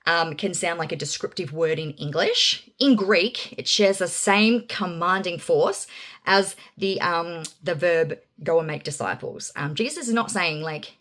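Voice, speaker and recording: A woman's voice: on the low side, measured pace. Chatty woman teaching Greek grammar. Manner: chatty, many fillers, lively emphasis on key words. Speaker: Bible teacher.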